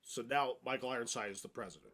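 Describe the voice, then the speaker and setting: A man co-hosting a podcast in casual comedic chat, playful and quick to laugh and play along. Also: medium pitch, fairly bright tone. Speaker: podcast co-host.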